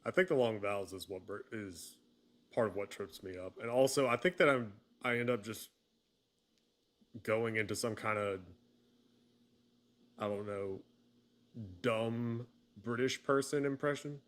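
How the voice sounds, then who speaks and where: A man, chatting on a panel in a halting, self-correcting, wry way. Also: fairly low pitch. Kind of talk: casual chat.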